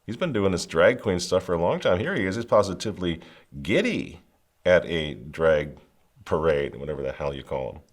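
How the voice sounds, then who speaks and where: A man's voice: low voice, animated, normal speed. A man hosting political commentary, mocking and sarcastic with wry asides. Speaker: host.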